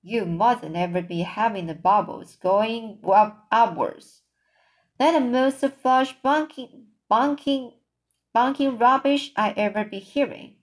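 A woman voicing an enormous friendly male giant who talks in booming, muddled grammar. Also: takes it slowly. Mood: excited.

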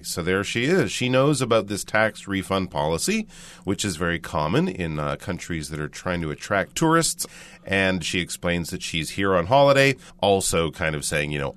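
A man co-hosting an English lesson, upbeat and animated, often agreeing before he explains. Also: low-pitched, normal speed. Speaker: English teacher and co-host.

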